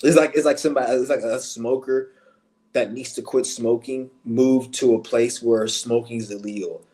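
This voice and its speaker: A male vlogger in the middle of a casual rant, talking bluntly and swearing freely. His pitch sits at an ordinary middle range for a man. He moves from loose, rambling asides into heated, scornful outbursts. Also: steady tone, normal speed, dark tone. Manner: blunt, profane, heated ranting.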